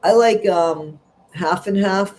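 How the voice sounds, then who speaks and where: A middle-aged man with a high-pitched, slightly mellow voice speaks slowly over a faint hiss or hum. He's hosting a casual livestream, reading viewer comments aloud and gossiping in a rambling, chatty manner.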